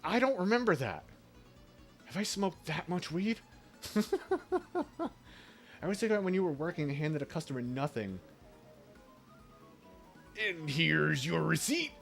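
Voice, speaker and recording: A man's voice: fairly high pitch, very animated, moderate pace, pauses often, faint music behind. A man chatting casually while speedrunning a game, laid-back, laughing often and swearing freely. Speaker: speedrunning streamer. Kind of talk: casual chat while gaming.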